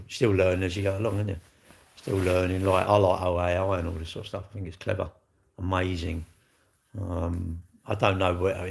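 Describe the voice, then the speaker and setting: Gravelly sixties man chatting on stream. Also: low voice, darkish tone. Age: 60s. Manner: rambling, chatty, ends lines with tag questions. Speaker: live streamer. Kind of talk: casual chat answering viewer comments.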